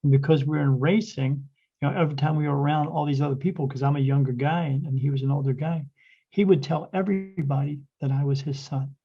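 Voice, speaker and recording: Gravelly man telling a rambling story. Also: fairly high pitch, fairly even intonation, fast talker, warm tone. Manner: rambling anecdote full of quoted dialogue and restarts. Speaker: spirit medium, podcast guest. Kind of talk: casual storytelling in a podcast interview. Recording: dull, lo-fi podcast audio.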